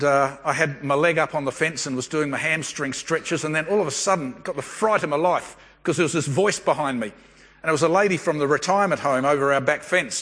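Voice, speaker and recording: A man delivers a sermon in an easy, storytelling manner. His voice sits high and a little husky, and it carries a long reverb from a church hall. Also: a bit bright. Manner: conversational storytelling preacher. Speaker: pastor.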